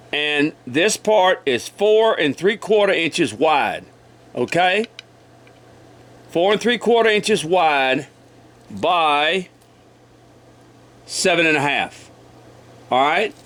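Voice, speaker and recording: A man with a cold teaching woodcarving in a folksy, repetitive way, often clearing his throat and apologizing. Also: on the high side, a bit bright. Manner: folksy, repeats measurements, frequent throat clearing. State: has a cold. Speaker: woodcarving instructor. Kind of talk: casual step-by-step demonstration.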